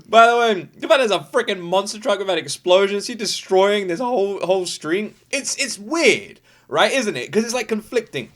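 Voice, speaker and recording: Young British male reaction host: excitable, chatty, laughs easily, bright and forceful tone. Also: high-pitched. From United Kingdom. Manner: excitable and chatty, quick to laugh, filler-heavy. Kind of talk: casual reaction commentary.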